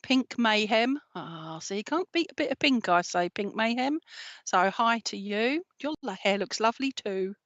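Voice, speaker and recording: A woman hosting a live stream as a spiritual medium, chatting casually and greeting viewers warmly with many ums and endearments. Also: mid-range voice, animated, normal speed, dry recording. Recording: dry, slightly dull sound.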